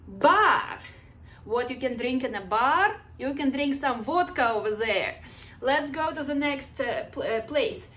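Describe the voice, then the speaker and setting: High-voiced woman teaching with slow repeats. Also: fairly bright tone. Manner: slow, drawn-out model pronunciation, coaxing the viewer to repeat. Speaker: language teacher. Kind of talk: vocabulary lesson with repetition drills.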